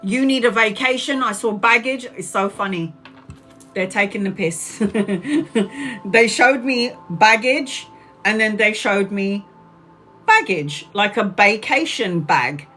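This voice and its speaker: A woman giving a live tarot reading in a loose, chatty way, blunt and quick to swear and laugh. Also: on the high side, bright, forceful tone. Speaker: tarot reader. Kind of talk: live-streamed tarot reading, casual chat.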